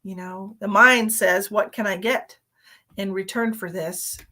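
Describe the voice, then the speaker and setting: A woman's voice: medium pitch, fairly even intonation, unhurried, bright, forceful tone, low-quality recording. A middle-aged woman hosting a live psychic reading stream, chatting casually with viewers and laughing often. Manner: chatty, laughs often, talks to her pets.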